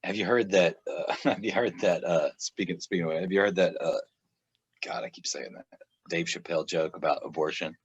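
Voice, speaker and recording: Man, low voice, rambling laughing storyteller; dry, muffled recording. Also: fairly quick, slightly rough, dry recording. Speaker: author guest. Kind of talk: casual podcast chat. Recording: dull, dry lo-fi sound.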